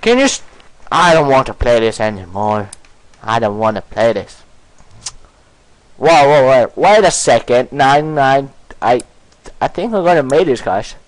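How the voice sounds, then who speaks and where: Excitable man shouting over a game. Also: mid-range voice, unhurried, pauses often, no room sound, low-quality recording. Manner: excitable, bursts into shouts and giggles, playful; broken, ungrammatical English phrasing. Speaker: gaming commentator. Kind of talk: let's-play commentary.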